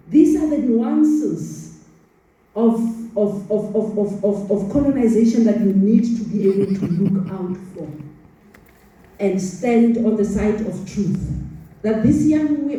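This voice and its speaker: Slow, dark-voiced woman with Sepedi accent. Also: medium pitch. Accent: Sepedi-accented South African English. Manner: earnest, with stumbling repeated words. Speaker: conference speaker. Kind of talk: formal address to a student audience. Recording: echoey hall, voice from far off the mic.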